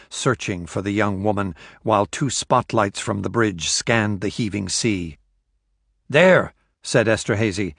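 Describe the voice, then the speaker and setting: A man narrating a thriller audiobook in a steady, measured storytelling voice. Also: fairly low pitch, dry recording, clean studio sound.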